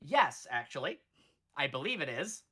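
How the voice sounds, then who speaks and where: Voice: mid-range voice, big pitch swings, moderate pace, bright, forceful tone, slightly rough. A podcaster in their thirties recapping a movie in casual, rambling chat, sarcastic and full of swearing. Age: 30s. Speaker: podcast co-host.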